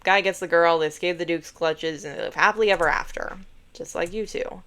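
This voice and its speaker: A woman streaming a story game, reading out the narration and chatting between scenes. Her voice sits lowish, and her talk is casual and full of fillers. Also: a little fast, a bit bright. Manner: chatty, swearing, filler-heavy. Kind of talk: playthrough commentary and narration.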